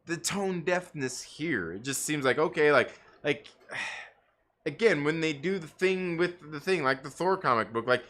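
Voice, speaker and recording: A man's voice: fairly high pitch, pushed and bright. A man ranting in casual livestream commentary, profane and rambling, full of fillers and restarts. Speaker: livestream co-host; parent.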